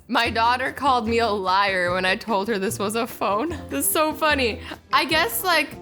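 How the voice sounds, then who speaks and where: A young adult woman chats through a reaction video in a bubbly, rambling way, dropping "like" into nearly every thought. Her voice sits a bit high and rings bright and forceful. Soft music plays faintly underneath. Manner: bubbly, chatty, heavy use of "like". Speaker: YouTube reaction host. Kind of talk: casual reaction commentary.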